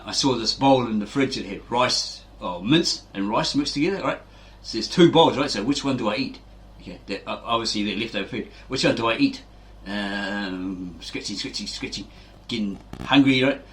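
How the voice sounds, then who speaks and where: A man's voice: mid-range voice, a bit bright. A middle-aged man hosting a fitness video, telling rambling casual stories and acting out quoted voices, with frequent "right?" tags.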